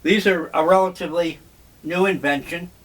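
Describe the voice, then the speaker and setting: An older man reminiscing in a slow, rambling, wryly humorous monologue. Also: high-pitched, fairly even intonation, fairly bright tone. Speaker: vlogger.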